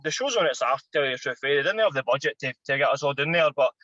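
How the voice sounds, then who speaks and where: A Scottish man in his thirties, a former footballer and podcast guest, telling an animated, sweary anecdote. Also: mid-range voice, very fast, no room sound, muffled recording. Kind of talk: casual storytelling.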